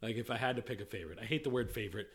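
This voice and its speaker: A middle-aged man co-hosting a casual chat, rambling and often breaking off mid-sentence, quick to laugh. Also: on the low side, a bit bright, slight background noise. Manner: rambling, self-interrupting, laughs easily. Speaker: podcast co-host, whiskey industry veteran.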